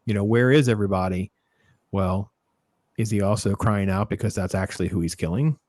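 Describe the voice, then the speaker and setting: A man with a low-pitched voice hosts a casual panel chat, animated and quick to act out what he describes. The sound is dry and close, with little room around it. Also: dry recording. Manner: animated, acts out scenes in quoted voices. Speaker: podcast host.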